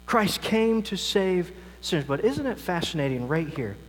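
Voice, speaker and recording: A male pastor delivering a sermon, swinging between loud emphasis and quiet, soft asides. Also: high voice, very animated, normal speed. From United States. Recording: long reverb, mains hum.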